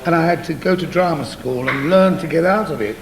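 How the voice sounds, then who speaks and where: A man from London, a singer guest on a telethon, answering with cheeky, quick comebacks. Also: fairly high pitch. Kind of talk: joking interview banter. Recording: echoey studio with crowd.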